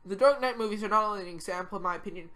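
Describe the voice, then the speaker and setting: A teenage girl chats on a homemade podcast at an ordinary middle pitch. She rambles excitably, packing her sentences with "like" and quick restarts. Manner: excitable, rambling, heavy use of "like". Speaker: podcast co-host. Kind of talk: casual chat.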